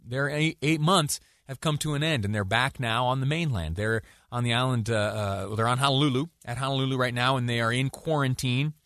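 A man's voice: medium pitch, brisk, few pauses, fairly bright tone, no room sound. Radio host guy rambling along, lots of uhs, laughs at himself, dead dry studio. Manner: rambling, self-deprecating, full of fillers. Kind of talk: talk radio monologue.

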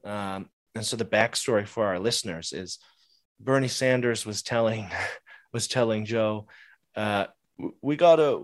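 A chatty man with a lowish voice talks politics on a podcast. He laughs easily and trips over his words now and then. The sound is dry and close, with no room around it. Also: a little slow, no room sound. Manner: chatty, laughs often, many restarts. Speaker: podcast co-host. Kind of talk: casual political chat.

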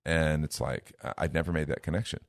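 Speaking fairly quickly in a low, deep, creaky voice, this earnest middle-aged minister gives conversational Bible teaching and lifts his voice into playful impressions when he acts out how people talk. The recording is dry and close, with no surrounding room.

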